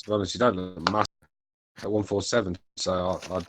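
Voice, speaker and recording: A man's voice: low-pitched, steady tone, fast, fairly bright tone. A blunt, opinionated man. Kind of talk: casual chat.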